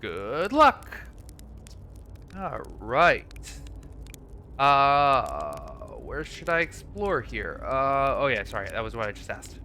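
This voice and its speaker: A man hosting a blind let's play, excitably thinking aloud about his discoveries. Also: medium pitch, slow pace, slight background noise. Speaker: gaming channel host.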